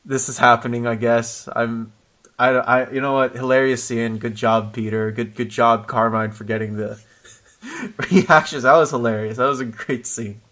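A man's voice: mid-range voice, normal speed. Laughing man in casual comic-book chat. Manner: animated, laughs often, restarts sentences. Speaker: podcast co-host discussing comics.

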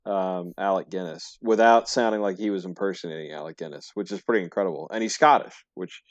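Emphatic man with a low voice. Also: fast talker. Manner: emphatic, opinionated. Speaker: podcast co-host. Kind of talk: casual chat. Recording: dull lo-fi sound.

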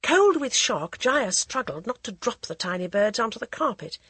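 Woman, audiobook narrator, measured storytelling, husky, dry close sound. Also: a little high, sing-song, a bit bright, dry recording.

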